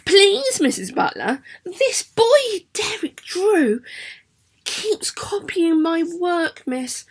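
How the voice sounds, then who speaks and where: A woman's voice: very high voice, very animated, drawn-out words, pitched above the performer's own voice, exaggerated voice. A woman voicing a young schoolchild tattling to the teacher in a pleading, singsong recital.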